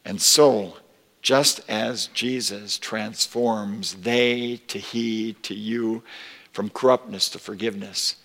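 A man preaching a sermon as pastor, slow and deliberate, rising with emphasis when quoting scripture. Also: fairly low pitch, fairly even intonation, a bit bright, big-room sound. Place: church sanctuary.

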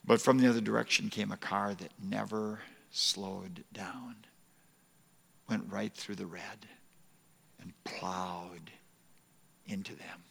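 A man preaching a sermon as pastor, telling a story slowly and earnestly, dropping to soft whispers on repeated phrases. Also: lowish voice, fairly even intonation, vocal fry, slightly rough, long reverb tail. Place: church sanctuary.

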